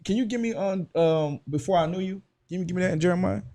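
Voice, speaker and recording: Animated man in casual faith talk. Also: sits high, fast talker. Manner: animated, acts out quoted voices, swears. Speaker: radio show host. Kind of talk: casual religious discussion.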